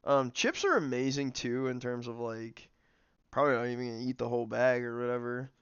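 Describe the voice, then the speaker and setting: A young male streamer rambles casually through his game, loose and full of fillers. His voice has a gravelly edge, and the recording is dry and a bit dull. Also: mid-range voice, a little fast, dry recording. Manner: rambling, filler-heavy, snacking while talking. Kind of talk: casual livestream commentary.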